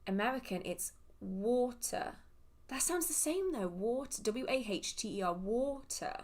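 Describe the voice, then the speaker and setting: A woman's voice: fairly high pitch, big pitch swings, a little fast. Chatty English woman answering questions. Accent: southern English. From England. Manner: chatty, rambling, goes off on tangents. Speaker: witchcraft Q&A livestream host. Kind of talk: casual livestream chat answering viewer questions.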